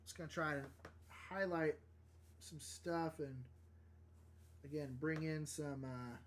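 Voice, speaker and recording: A man's voice: a little high, steady tone, slow, slight background noise. A young man chatting casually on a live stream while drawing, thinking aloud and laughing often. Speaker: livestream artist.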